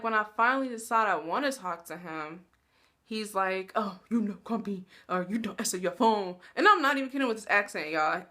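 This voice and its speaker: A woman in her twenties telling a story to the camera in a blunt, animated, slangy way. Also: medium pitch. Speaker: vlogger. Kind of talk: casual storytelling.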